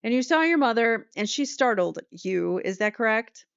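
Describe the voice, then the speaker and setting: Woman playing pushy prosecutor, repetitive pointed questions, smooth voice, dry sound. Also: a little high, expressive, normal speed, a bit bright, dry recording. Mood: pressing. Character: pointed courtroom prosecutor cross-examining. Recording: slightly muffled dry recording.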